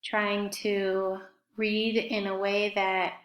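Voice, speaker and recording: A woman's voice: medium pitch, little pitch movement, extremely slow, fairly bright tone. A woman teaching a fifth grade class in a recorded remote lesson, speaking patiently and spelling out words letter by letter. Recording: echoey room.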